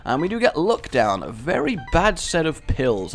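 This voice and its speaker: A man's voice: fairly high pitch, huge pitch swings, normal speed, few pauses, soft background music. A man giving casual, rambling commentary over a game he is playing, with self-mocking jokes and asides. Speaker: gaming commentator.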